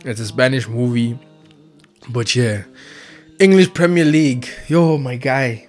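Excitable young man ranting. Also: mid-range voice, unhurried, long pauses, faint music behind. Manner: excitable, slang-heavy, tags every phrase with "dog" and "blood". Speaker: vlogger. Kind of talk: casual football rant.

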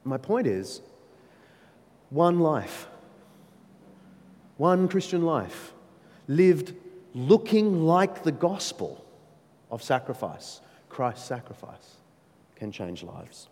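A man preaching a sermon, emphatic and animated, with playful asides to his listeners. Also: on the high side, very slow, long pauses. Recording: long reverb of a large hall.

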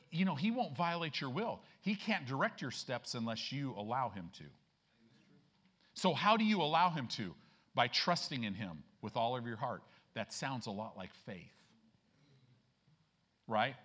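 A male pastor delivering a church sermon in a folksy, conversational way. He keeps checking in with his listeners and leans hard on key lines, slowing down and rising in pitch as he drives them home. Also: big pitch swings, a bit bright. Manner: folksy, emphatic preaching with frequent "right?" checks; slows and rises in pitch and volume to stress scripture.

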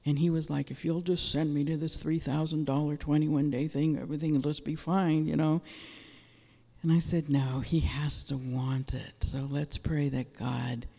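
A man's voice: a little high, flat delivery, moderate pace, creaky, dark tone. A man sharing a prophetic word at a prayer meeting, emphatic and repetitive. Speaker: prayer minister. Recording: echoey room with long reverb.

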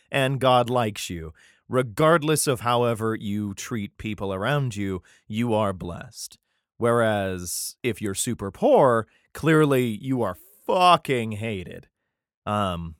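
A man's voice: medium pitch, no echo, studio quality. A man casually reading scripture aloud and riffing on it, rambling, laughing often and swearing freely. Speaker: reader commenting on scripture.

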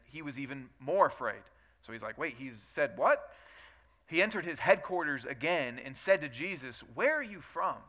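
Bright-voiced man reading scripture. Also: fairly high pitch. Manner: reads scripture aloud, then explains it in plain, chatty asides. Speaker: pastor. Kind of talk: Bible reading with casual commentary. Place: church.

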